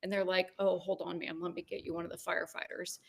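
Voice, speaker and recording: A woman in her forties, co-hosting a podcast, telling a personal story in casual chat with animated ups and downs. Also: fairly low pitch, fast, creaky. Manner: animated storytelling, rising when excited. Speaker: podcast co-host.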